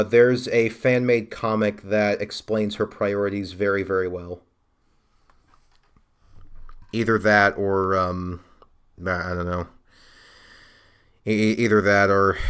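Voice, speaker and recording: A man's voice: lowish voice, clean tone. Rambling male game streamer. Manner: rambling, trailing off, muttering. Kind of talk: casual let's play commentary.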